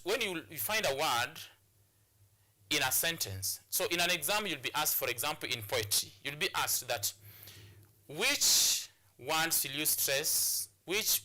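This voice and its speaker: A man's voice: mid-range voice, pushed and bright. A man from Kenya teaching an English lesson, explaining step by step and often repeating and restarting words. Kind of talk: classroom lesson on a television channel.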